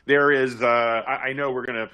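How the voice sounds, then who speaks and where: A man, a guest commentator, reading political news aloud haltingly in casual talk and correcting himself as he goes. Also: medium pitch, fairly even intonation, bright, forceful tone.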